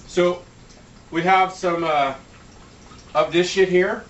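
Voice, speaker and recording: A man's voice: high-pitched, fairly even intonation, slow, fairly bright tone, dull audio, a little hiss or hum. A man giving a casual cooking demo in his home kitchen, joking around and swearing freely. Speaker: home cook. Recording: echoey room, mic at a distance.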